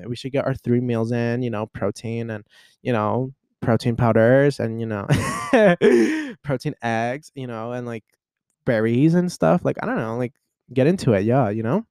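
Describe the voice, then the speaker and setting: A man's voice: moderate pace, darkish tone, clear, resonant tone, no echo, clean studio sound. A man in his twenties talking on a casual solo podcast, rambling and venting with lots of fillers. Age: 20s. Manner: rambling and chatty, full of "like" and "you know" fillers; emotional and venting, with sudden jumps in pitch. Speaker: podcast host.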